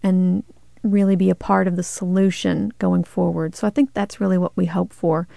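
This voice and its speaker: Woman talking about her nonprofit on radio, gravelly and kinda monotone, earnest. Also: fairly low pitch, moderate pace, no echo, clean studio sound. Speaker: nonprofit director, guest. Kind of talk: radio interview.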